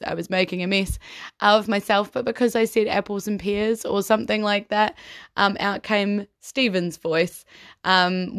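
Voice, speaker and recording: A woman's voice: mid-range voice, fairly bright tone, clear, resonant tone, no room sound, clean studio sound. A New Zealand woman hosting a podcast, telling a story in a chatty way with frequent laughs and ums. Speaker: podcast host and game master. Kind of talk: casual storytelling monologue.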